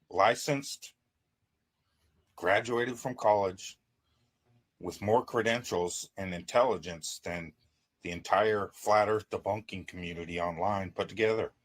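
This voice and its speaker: A man's voice: lowish voice, breathy edge. A man hosting a show, talking in a sarcastic, emphatic monologue. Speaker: host. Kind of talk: monologue commentary.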